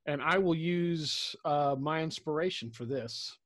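A man as a player in a tabletop game, calmly describing what his character does. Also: a little high, a little slow, dry recording. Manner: relaxed, stating actions.

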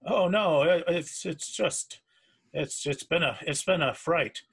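A man voicing a frightened male sailor who stammers nervously in a husky voice. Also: medium pitch, a little slow. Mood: shaken. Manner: stammering, fearful.

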